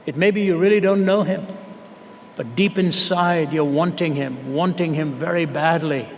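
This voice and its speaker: An earnest male preacher tells a story and presses his listeners with rhetorical questions, slowing down to stress key words. His voice sits fairly high for a man. The sound rings with the long reverb of a large hall over a faint background hiss. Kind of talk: storytelling sermon. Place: large hall with a live audience.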